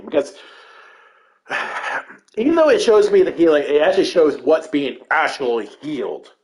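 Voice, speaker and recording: A man's voice: on the high side, very animated, normal speed. A man telling rambling raid stories over gameplay, swearing constantly in casual commentary. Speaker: gamer recounting raid stories.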